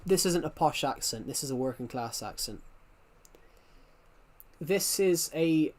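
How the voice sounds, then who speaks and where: A man's voice: a little high, lively intonation, a little slow, darkish tone. A young man with a working-class southwest England accent, chatting casually on a live stream, rambling and repeating himself as he reads the chat aloud.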